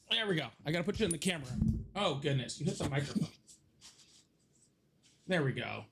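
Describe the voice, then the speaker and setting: Young dude livestreaming from his home office, kinda high voice, chatty and swears a lot. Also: animated, brisk, vocal fry, long pauses, heavy background noise. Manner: chatty, swears casually, thanks viewers by name. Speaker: livestream host. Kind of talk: casual livestream chat.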